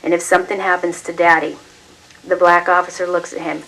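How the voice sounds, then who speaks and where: A woman reading a novel aloud at a public reading night, steady and expressive. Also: on the low side, brisk, poor audio. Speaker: reader.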